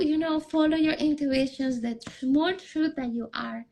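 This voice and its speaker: A young adult woman who works as a relationship coach tells a personal story as a podcast guest, animatedly acting out the dialogue and raising her voice for the quoted lines. Her voice sits high with vocal fry, she talks at a normal speed with hardly any pauses, and the audio quality is poor.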